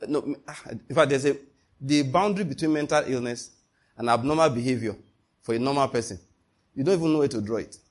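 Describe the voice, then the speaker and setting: In a quick, mid-range voice, a man preaches animatedly, stressing his points and putting rhetorical question after rhetorical question to those listening.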